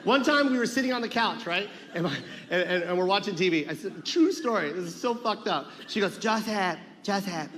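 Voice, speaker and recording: A man's voice: high-pitched, expressive, brisk, hardly any pauses. A man telling loose, swearing stories in a live stand-up set, acting out the people in them. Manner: loose storytelling with swearing and act-outs. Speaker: stand-up comedian. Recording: live venue with long reverb and faint crowd noise.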